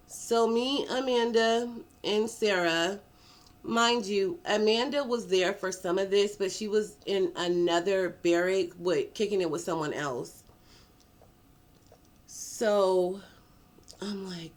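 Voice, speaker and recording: A woman tells a personal story in a casual vlog. She is animated and swears freely, stretching words out for dramatic effect. Her voice sits at an ordinary pitch for a woman. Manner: animated, profane, dramatic drawn-out emphasis. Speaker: vlogger.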